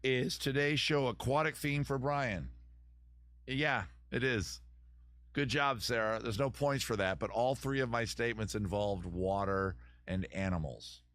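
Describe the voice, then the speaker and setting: A man's voice: mid-range voice, measured pace, a bit bright, no room sound. A middle-aged man hosting a casual live stream, answering viewer comments in a rambling way, often restarting sentences and swearing casually.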